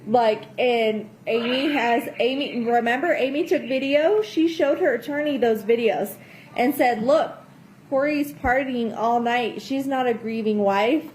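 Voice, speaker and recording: A woman's voice: a little high, a little slow, darkish tone, a little hiss or hum. A woman talking through a phone call, distraught and swearing often, her voice rising and breaking. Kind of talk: emotional phone conversation.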